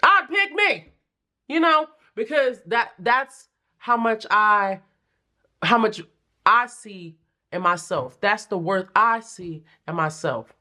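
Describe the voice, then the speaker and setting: A young adult woman giving a casual pick-a-card tarot reading, chatty and animated, with playful slang and frequent laughs. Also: medium pitch, takes it slowly. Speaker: tarot reader.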